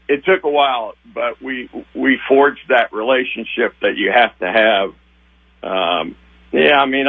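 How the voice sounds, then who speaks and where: An older man with a husky voice reminisces about his years covering sports, stopping and restarting as the feelings come up. He sounds thin and tinny, as if he is calling in over a phone line. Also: medium pitch. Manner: rambling, halting, sentimental. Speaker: retiring TV sports director, guest. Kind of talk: emotional interview reminiscing.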